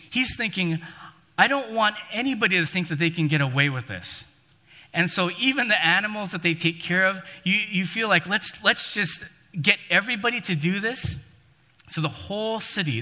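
In a sharp-toned, high voice, a male preacher tells a story during his sermon, giving voice to the figures he quotes with emphasis that swells and drops. The sound carries a long hall reverb.

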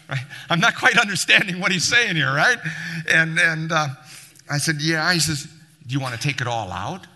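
Lively man telling a story in a hall. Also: on the high side, normal speed, long pauses. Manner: lively, sarcastic storyteller acting out dialogue. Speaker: church member telling a story. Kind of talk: storytelling to a church group. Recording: long hall reverb.

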